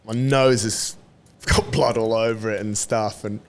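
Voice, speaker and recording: A man's voice: on the low side, fairly even intonation, unhurried. A man in a podcast interview, telling a story in a casual way. He laughs often, swears and acts out what others said. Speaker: podcast guest.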